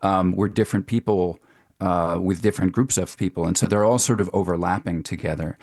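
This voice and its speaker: Deep-voiced man, animated dialect coach. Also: brisk, no room sound, clean studio sound. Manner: animated, repeats words. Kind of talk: expert radio interview.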